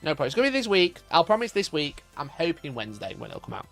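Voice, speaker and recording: Faint music plays behind a male livestream host whose gravelly, fairly high voice moves at a quick pace with big pitch swings. Swearing often and laughing, he chats casually and reads chat aloud in a mock-outraged rant, his voice jumping up when he's worked up.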